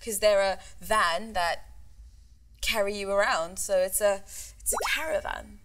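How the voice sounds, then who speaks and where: A woman's voice: mid-range voice, fairly even intonation, measured pace, fairly bright tone, a little hiss or hum. A woman from London with a British accent, co-hosting a casual chat and explaining things in a friendly way. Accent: British English. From London, England. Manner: friendly, explanatory, laughs often. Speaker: co-host.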